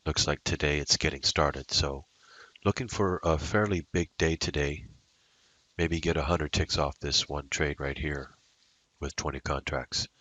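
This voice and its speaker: A man's voice: very deep voice, fairly bright tone, no room sound. A man day trading at his computer, narrating his moves in a rambling, casual way full of fillers. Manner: rambling, muttering to himself with fillers. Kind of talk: casual live trading commentary.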